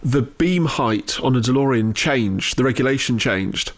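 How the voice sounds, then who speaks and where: A man's voice: mid-range voice, animated, measured pace. Male podcast host asking questions. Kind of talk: podcast interview.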